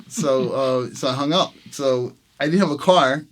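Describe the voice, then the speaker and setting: A man in a casual sit-down interview tells a long story about an old gig. His voice sits at an ordinary middle pitch. He laughs often and acts out the lines of the people in the story. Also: slow. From New York City. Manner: laughing, reenacts quotes with voices. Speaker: jazz trumpet player, interview guest.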